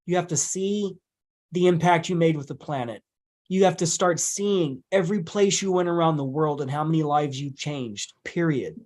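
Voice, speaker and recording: A man's voice: a little high, normal speed, darkish tone. A man speaking as a podcast guest in casual conversation, emphatic and blunt, swearing casually as he makes his points.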